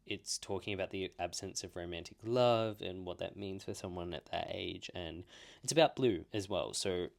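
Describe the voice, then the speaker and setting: A man's voice: sits low, moderate pace, vocal fry. A young Australian man in his twenties chatting casually and rambling through a book haul, poking fun at himself. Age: 20s. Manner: chatty, rambling, self-mocking. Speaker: book vlogger.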